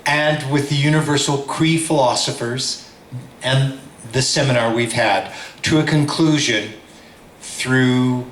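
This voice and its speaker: A man's voice: mid-range voice, fairly even intonation, a bit bright. A man hosting a seminar, announcing the next part to the audience. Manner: slow, deliberate announcing. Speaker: seminar host. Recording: echoey room with crowd and faint noise.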